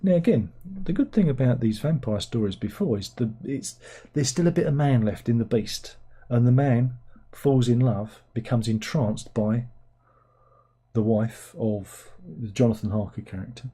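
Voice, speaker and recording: A man talks loosely and sarcastically, rambling from one gripe to the next. His voice is very dark and a little husky, with a mid-range pitch. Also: normal speed. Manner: sarcastic, rambling, mocks with put-on plummy voices. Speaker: livestream host. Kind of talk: casual film rant.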